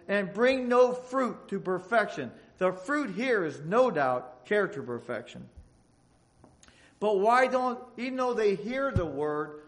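A man preaching a sermon, reading Bible passages aloud and asking the congregation for an amen. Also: high voice. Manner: reads scripture aloud in old-fashioned phrasing.

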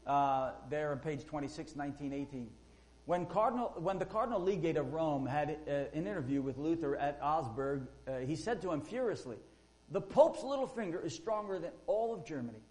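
A man preaching a sermon, fervent and rising loud when he quotes, with frequent fillers. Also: fairly high pitch, poor audio.

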